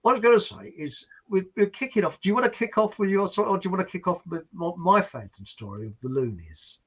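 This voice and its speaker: Husky guy rambling thru a funny story, voice goes up and down loads. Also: high-pitched, expressive, fast, highs cut off. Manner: rambling, jokey, breaks into asides. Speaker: podcast host. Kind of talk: casual storytelling chat.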